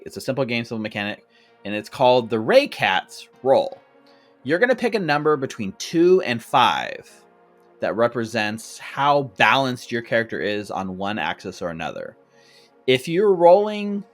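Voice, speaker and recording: A man guides his players through a tabletop game, explaining the rules in an easygoing way. His voice swings up and down as he talks. Soft music plays faintly behind him. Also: medium pitch. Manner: lively, explaining rules with frequent laughs. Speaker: game master.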